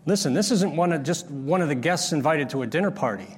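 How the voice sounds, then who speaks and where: Man, sermon, explaining scripture, somewhat high voice, long hall echo. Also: lively intonation, quick pace, slight background noise. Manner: explanatory, rises sharply when acting out the disciples' scolding. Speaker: pastor.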